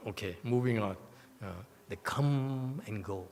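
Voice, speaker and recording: A man's voice: fairly low pitch, takes it slowly, long pauses, a bit bright. A man giving a Buddhist sutra commentary as teacher, who keeps checking in with "okay?" and teases his listeners. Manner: playful, teasing asides to listeners. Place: temple lecture hall. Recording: long hall reverb.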